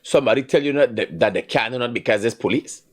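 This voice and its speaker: A man's voice: mid-range voice, quick pace. A middle-aged man with a Guyanese accent hosting a live call-in show, talking bluntly and growing heated as he scolds a caller. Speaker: host taking calls.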